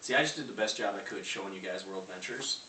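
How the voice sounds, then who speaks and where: A man's voice: low voice, quick pace, pushed and bright. A young man giving a brash motivational sales presentation to a live audience, firing punchy rhetorical questions at the crowd. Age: young adult. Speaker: network marketing presenter. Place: large room in a house with a live audience. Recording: roomy, distant recording with faint hiss.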